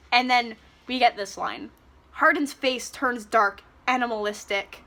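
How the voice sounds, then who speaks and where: A woman giving a ranting book review, retelling scenes in an animated, sarcastic way and swearing freely. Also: a little high, measured pace.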